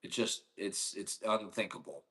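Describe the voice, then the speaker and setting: Profane ranting man, bright voice. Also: on the low side, fairly even intonation, normal speed. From Ohio. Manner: profane, sarcastic, rambling. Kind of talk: casual ranting monologue.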